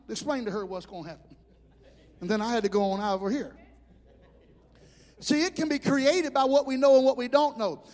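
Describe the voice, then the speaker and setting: A man preaching a sermon as pastor, telling animated stories. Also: very high-pitched. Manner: animated storytelling with shouted impressions. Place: church hall. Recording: hall reverb.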